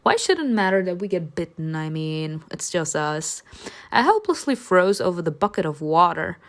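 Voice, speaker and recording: A woman reading a story game aloud and talking back to it, animated and dryly sarcastic in her asides. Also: on the low side, normal speed.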